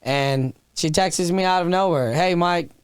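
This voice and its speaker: A man's voice: sits high, a little slow, smooth, no room sound, studio quality. A man in his thirties, a podcast guest telling a raw, emotional story, swearing freely and restarting his sentences. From Texas. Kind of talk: candid storytelling interview.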